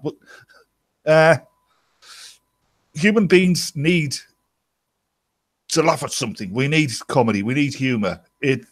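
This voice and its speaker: A man's voice: mid-range voice, no echo. A man, a blunt, sweary panelist on an online video call. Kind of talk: casual banter in an online hangout.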